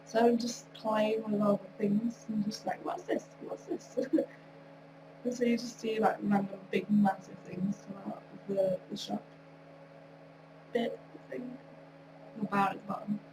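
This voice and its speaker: A woman's voice: mid-range voice, flat delivery, measured pace, pauses often. A woman with a nasal voice from a cold, rambling and chatting with frequent laughs as she talks over her gameplay. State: recovering from a cold, tired. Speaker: video creator. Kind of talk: casual commentary over gameplay. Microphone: wrong mic, far from speaker. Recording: distant mic with clear hum.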